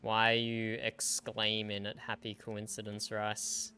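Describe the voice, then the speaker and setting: A male game streamer talks at his desk mic in a bright, crisp voice sitting a little low. He keeps a dry, matter-of-fact tone and chuckles now and then. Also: completely flat delivery, a little slow. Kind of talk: casual gaming livestream chat.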